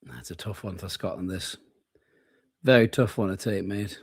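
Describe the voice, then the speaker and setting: A man's voice: sits low, normal speed, breathy edge, no echo, studio quality. A tired man co-hosting a late-night football watchalong, joking and swearing casually. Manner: laid-back, swearing, joking banter. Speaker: co-host of a football watchalong stream. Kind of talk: casual live match chat.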